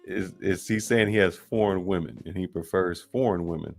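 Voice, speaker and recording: Deep gravelly guy cutting in calm to explain, faint music in the back. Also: normal speed. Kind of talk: podcast chat.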